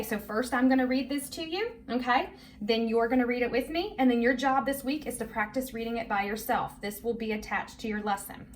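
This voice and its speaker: A woman's voice: medium pitch, a little hiss or hum. A woman teacher leading a children's reading lesson, patient and encouraging, spelling words out letter by letter.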